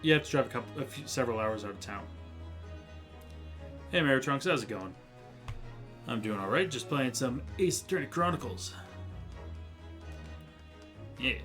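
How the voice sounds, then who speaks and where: A male streamer chats loosely with his viewers, laughing readily and swearing here and there. His voice sits at a middle pitch. Game music runs clearly under everything he says. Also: animated, normal speed, long pauses, fairly bright tone. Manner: chatty, laughs often, swears casually. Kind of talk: casual live-stream chat.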